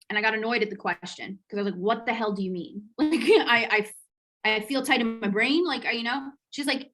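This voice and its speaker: A woman hosting a podcast, telling a personal story in a candid, lively way, swearing casually and laughing as she retells it. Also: a little high, moderate pace, poor audio. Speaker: podcast host.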